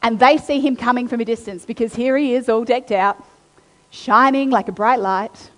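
A woman preaching a sermon, reading scripture aloud and then retelling it with animated, acted-out quotes. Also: on the high side, normal speed. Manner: animated storytelling, acting out quotes. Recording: long hall reverb.

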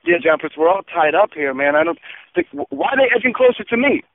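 A man's voice: high voice, very animated, fast talker, vocal fry, slight background noise. A man co-hosting a comedy radio bit, talking over the phone with indignant, defiant swearing. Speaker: radio show co-host on a phone line. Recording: dry, tinny phone line.

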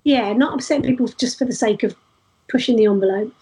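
A woman's voice: fairly high pitch, quick pace. Chatty woman telling stories. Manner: chatty, animated anecdotes with frequent restarts. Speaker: street performer guest. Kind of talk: casual interview storytelling.

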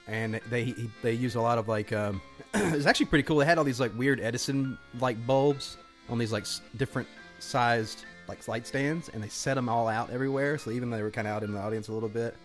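A man's voice: medium pitch, quick pace, soft background music. A man, co-hosting a casual film podcast, telling stories with lots of laughter and restarts. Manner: chatty storyteller, laughs often, many restarts. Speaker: podcast co-host.

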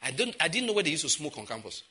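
A Nigerian-accented male preacher with a somewhat high, intensely sharp and forceful voice. He hammers home repeated phrases, drops into pidgin asides and bursts out loudly. The delivery stays emphatic throughout the sermon. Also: very animated, very fast, husky. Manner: emphatic, repeating phrases, with sudden loud outbursts.

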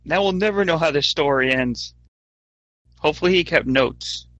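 A man's voice: on the high side, normal speed, fairly bright tone, no room sound. A man joking around with friends while playing a tabletop game over voice chat. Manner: playful, jokey. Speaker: player. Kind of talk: casual voice chat.

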